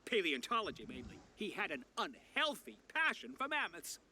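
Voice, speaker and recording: A man's voice: high-pitched, wildly swooping pitch, normal speed, bright, forceful tone, husky, full character voice. A man voicing a haughty, sardonic old university rector in a video game.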